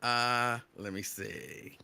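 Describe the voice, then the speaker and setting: Excitable man with a bright, loud voice. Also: mid-range voice, very slow, vocal fry, clean tone. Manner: loud and excitable, near yelling. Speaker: radio host. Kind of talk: live show shout-outs to listeners.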